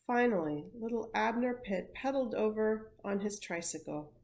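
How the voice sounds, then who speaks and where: Unhurried woman reading a picture book aloud. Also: mid-range voice, vocal fry. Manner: expressive storytelling, unhurried. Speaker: education coordinator.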